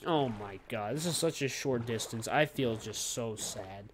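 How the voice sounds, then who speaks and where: A man's voice: medium pitch, unhurried, slight background noise. A young man giving casual, goofy commentary while playing a video game and talking to his in-game pet. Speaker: gaming YouTuber.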